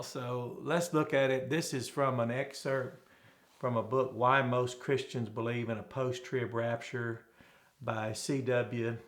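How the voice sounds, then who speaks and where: A man from Arkansas teaching a classroom Bible Greek lesson, rambling and correcting himself with folksy asides. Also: medium pitch. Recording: echoey room.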